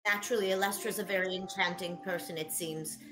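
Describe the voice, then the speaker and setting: A woman's voice: fairly low pitch, steady tone, quick pace. A woman player in a tabletop game with a wry, playful manner.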